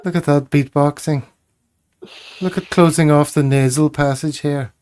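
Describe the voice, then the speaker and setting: A man's voice: a little high, fairly even intonation, normal speed, a little mellow, clear, resonant tone. A man hosting a casual chat, joking and laughing at his own jokes. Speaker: podcast host.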